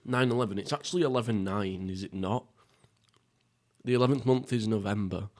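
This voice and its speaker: A man's voice: on the low side, a little fast, darkish tone. Young man, sweary rambling podcaster. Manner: rambling, sweary, laughs at himself. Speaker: podcast host. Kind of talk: casual mukbang podcast chat. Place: at home, seated.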